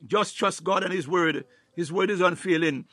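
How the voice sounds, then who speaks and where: A man preaching a fervent sermon, filling every pause with "my God" and "hallelujah" and sometimes breaking into tongues and shouts. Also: sits high, no room sound. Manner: bursts into tongues, rising to shouts.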